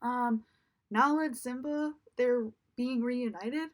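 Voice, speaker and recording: Young adult woman, casual film reviewer, fairly high voice, chatty and exasperated delivery. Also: takes it slowly. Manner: chatty, frequent fillers, exasperated complaining. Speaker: movie reviewer.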